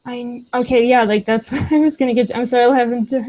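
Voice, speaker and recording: A woman's voice: fairly high pitch, steady tone, fast talker, warm tone, poor audio. A woman co-hosting a casual chat, exasperated and swearing while she scrolls for a comment. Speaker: co-host.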